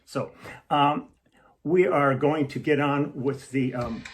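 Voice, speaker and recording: A musician hosting a casual home livestream, rambling and breaking off mid-thought before telling a joke. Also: male voice, on the high side, fairly even intonation, takes it slowly, very noisy. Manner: rambling, self-interrupting storyteller. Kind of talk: casual chat to camera.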